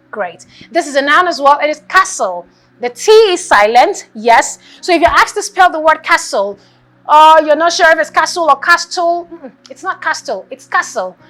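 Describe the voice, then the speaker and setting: Woman teacher, high lively voice, encouraging children's spelling lesson, faint music behind. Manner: encouraging, spells words letter by letter.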